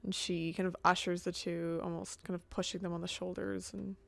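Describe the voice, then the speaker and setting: A woman's voice: lowish voice, level tone, brisk, vocal fry, no room sound. A woman playing in a tabletop game, loosely narrating what her character does, with fillers and hesitations. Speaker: player.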